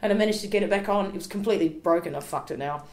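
An Australian woman telling stories in a casual chat, animated and laughing, acting out what people said. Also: mid-range voice, rapid-fire, roomy sound. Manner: animated, laughing storyteller who acts out quotes. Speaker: podcast guest.

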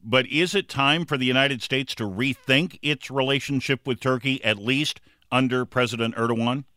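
Bright-voiced male news interviewer. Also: medium pitch, dry recording. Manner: direct, brisk questions. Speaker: radio interviewer.

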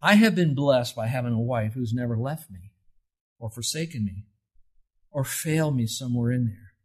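A man's voice: medium pitch, a little mellow, breathy edge. A middle-aged male pastor delivering an earnest, conversational sermon that builds to rising emphasis.

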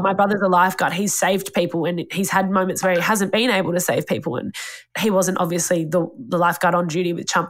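A young woman, talking in a tearful, rambling way on a casual podcast, swearing often and quoting herself. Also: on the low side. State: tearful, crying. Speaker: podcast host. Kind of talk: casual emotional chat. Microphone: studio microphone.

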